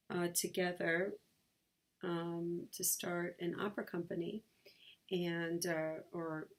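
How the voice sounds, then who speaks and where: Slow, candid woman telling her story. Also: lowish voice. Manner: candid, halting, with many fillers. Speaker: vlogger. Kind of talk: personal storytelling vlog. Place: sunlit bedroom.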